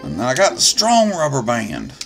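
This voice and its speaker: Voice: mid-range voice, wildly swooping pitch, normal speed, gravelly, faint music behind. A let's player giving gameplay commentary, swearing and grumbling at the game as they go. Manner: profane, grumbling running commentary. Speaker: let's play gamer.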